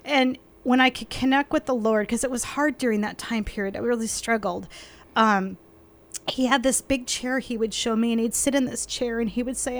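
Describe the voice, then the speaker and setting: A woman's voice: on the high side, moderate pace. Effusive woman on a faith podcast. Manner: effusive, emotional, laughs often.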